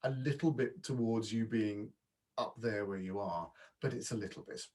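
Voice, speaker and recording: A man with a slightly husky, breathy voice, chatting loosely as a guest on a podcast. He is a voice and dialect coach and often restarts his sentences mid-thought. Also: fairly low pitch, moderate pace, darkish tone. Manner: chatty, with frequent false starts and repeats. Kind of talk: casual interview chat.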